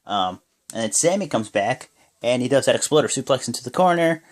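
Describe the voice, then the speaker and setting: Young male vlogger, mid pitch, casual rambling wrestling recap, filler-heavy, excitable spikes. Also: fairly quick. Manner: rambling play-by-play, many fillers, bursts of excitement.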